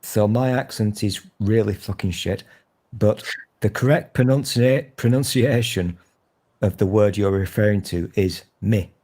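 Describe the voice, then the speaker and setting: In a fairly low, mellow voice and at a slightly slow pace, a man in his thirties with a Northern English accent chats casually. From Northern England, he swears freely and jokingly teases himself and others.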